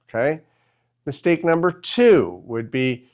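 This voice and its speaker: A man's voice: mid-range voice, sing-song, moderate pace. A man teaching an English grammar lesson to beginners, patiently ending each point with "okay?".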